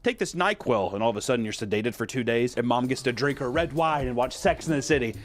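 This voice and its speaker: A man's voice: medium pitch, fairly even intonation, fast, soft background music. A man reading an article aloud and breaking off into sarcastic, crude asides. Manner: reads text then riffs with sarcastic asides. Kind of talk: casual reading with commentary.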